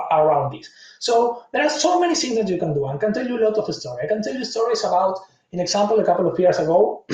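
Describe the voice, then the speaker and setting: A man's voice: high voice, a little mellow. A man in his forties from Latin America, giving an earnest conference talk full of personal stories. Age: 40s. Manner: earnest, anecdotal, non-native phrasing. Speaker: conference speaker. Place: conference room. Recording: echoey room, distant mic.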